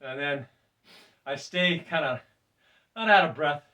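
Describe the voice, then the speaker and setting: An older man walks through a weight routine in a home gym, chatting loosely and laughing often. His voice sits a little high and is caught from a few steps back from the camera mic. He breathes deeply between sets. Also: animated, measured pace, bright, forceful tone, far from the mic. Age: 60s. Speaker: fitness presenter. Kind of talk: casual workout demonstration.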